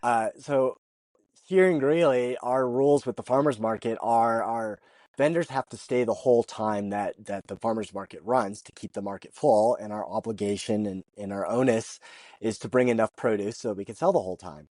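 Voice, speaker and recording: A man's voice: fairly low pitch, normal speed, no echo. A man who is a chicken farmer, telling stories as a podcast guest, acting out what people said and laughing often. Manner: lively storyteller who acts out dialogue and laughs often; repeats and restarts words while telling a story. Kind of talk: casual storytelling interview.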